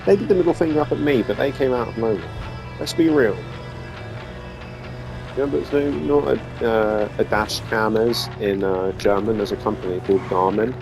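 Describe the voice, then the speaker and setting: A man's voice: lowish voice, normal speed, vocal fry. A man giving goofy, rambling commentary while playing a game, swearing freely. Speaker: gaming video host. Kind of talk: casual gameplay commentary. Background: game music and sounds.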